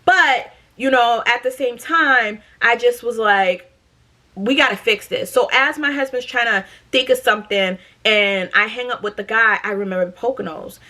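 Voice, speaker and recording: A woman in her thirties from Massachusetts telling a storytime to camera in a blunt, profane, animated way. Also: fairly high pitch, moderate pace, few pauses. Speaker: storytime vlogger.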